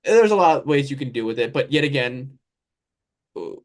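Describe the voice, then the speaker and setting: A man hosting a relaxed sports podcast, with a voice that sits right in the middle of the usual range. He rambles along in a loose, conversational way, drifting through lists and side remarks as he goes. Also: medium pitch, normal speed. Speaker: podcast host. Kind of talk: casual sports podcast chat.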